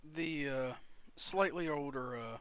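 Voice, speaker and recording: Slow, bright-voiced game master. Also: male voice, on the high side, clean tone, no room sound. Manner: slow, halting, many fillers. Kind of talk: narrating a tabletop game.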